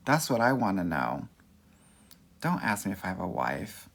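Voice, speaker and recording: A man's voice: low-pitched, very animated, moderate pace, long pauses, fairly bright tone. Sassy young male dating coach for a live-stream Q&A. Valley Girl lilt, campy, calls everyone honey. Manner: self-described Valley Girl way of talking. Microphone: phone or webcam mic for a live stream.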